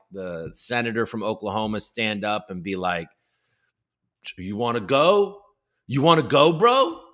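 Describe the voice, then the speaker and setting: A man's voice: medium pitch, bright, forceful tone. A tired man in his thirties hosting a live podcast stream, chatting loosely and reading out viewer comments. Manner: loose, rambling, reads chat aloud. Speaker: podcast host. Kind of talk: casual live-stream chat.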